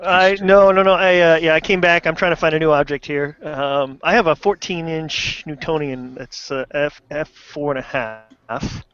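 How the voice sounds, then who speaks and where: A man's voice: fairly high pitch, fairly even intonation, normal speed, few pauses, a bit bright, clean tone. Man explaining telescopes, muffled audio. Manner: explanatory, careful. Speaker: amateur astronomer guest. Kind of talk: explaining equipment on a live stream.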